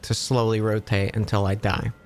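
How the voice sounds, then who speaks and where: A man voicing a man who makes absurd wishes, in a flat, matter-of-fact way. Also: lowish voice, moderate pace, a little hiss or hum, natural voice. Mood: deadpan.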